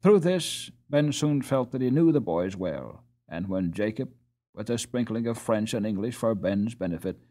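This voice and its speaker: A man reading a children's classic aloud as an audiobook narrator, in a slow, deliberate manner. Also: on the low side, lively intonation, mellow. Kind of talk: scripted narration.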